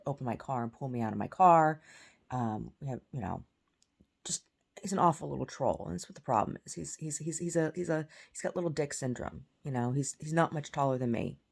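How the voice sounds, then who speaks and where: Low-voiced indignant woman ranting. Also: vocal fry, a little mellow. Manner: indignant, profane, stammering restarts. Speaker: vlogger. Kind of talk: casual ranting monologue. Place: home.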